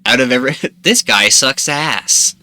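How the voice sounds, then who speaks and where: A man's voice: mid-range voice, measured pace, pushed and bright. A young man streaming a story game, reading the narration and joking about it with frequent laughs. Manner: jokey, laughing, reads narration aloud. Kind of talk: let's play commentary, reading game text.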